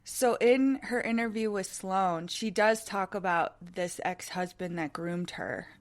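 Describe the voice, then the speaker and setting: Woman co-host, mid pitch, blunt and dry, casual commentary. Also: a little slow. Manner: blunt, dryly critical storyteller. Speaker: podcast co-host.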